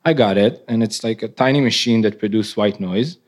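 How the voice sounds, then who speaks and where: Laughing low-voiced man, halting English. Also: a little mellow. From Israel. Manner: halting, laughs often, non-native English phrasing. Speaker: interviewed artist. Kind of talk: casual onstage conversation.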